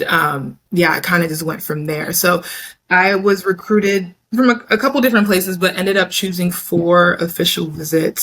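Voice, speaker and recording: Chatty young woman telling stories. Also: lowish voice. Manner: chatty, animated storytelling with voiced quotes. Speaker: interview guest, Olympic hammer thrower. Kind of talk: casual podcast interview.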